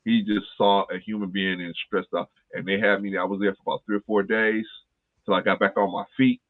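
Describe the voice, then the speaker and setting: A man's voice: fairly low pitch, steady tone, brisk. A man hosting a talk podcast, telling a personal story in earnest, casual chat and repeating phrases for emphasis. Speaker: podcast host. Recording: tinny phone-like line.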